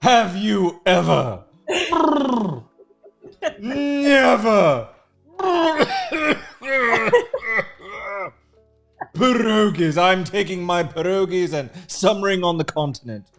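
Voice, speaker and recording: A man putting on a bad impression of a pompous, mustached cartoon British gentleman with a British accent. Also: sits high, big pitch swings, extremely slow, creaky, faint music behind, voice pushed up, full character voice. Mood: affronted. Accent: British put-on. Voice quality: indignant, plummy exclamations.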